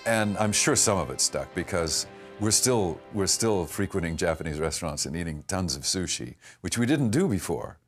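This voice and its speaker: An older man, an actor, thoughtfully recalling his work in a reflective interview, speaking in a measured way with restarts and pauses. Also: deep voice, animated, faint music behind. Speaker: actor recalling a past production.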